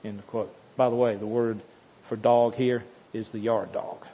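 A man preaches a sermon in a husky, slightly breathy voice, retelling the story with dramatic emphasis and insistent repetition. His voice comes through dull and muffled, and a long reverb trails behind it as if in a large church. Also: on the low side, flat delivery, a little slow.

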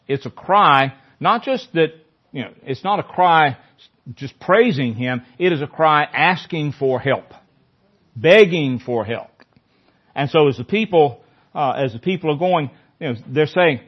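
A man's voice: on the high side, lively intonation, a little slow. A man leading a Bible study in a conversational teaching style, often repeating phrases for emphasis. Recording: dull lo-fi recording.

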